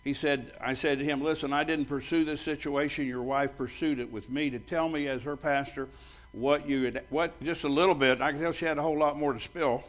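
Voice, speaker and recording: A man's voice: on the high side, fairly even intonation, a little fast, few pauses. An older man preaching a sermon as pastor, bluntly telling stories and acting out both sides of the conversations. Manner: loud and bold when joking with the congregation.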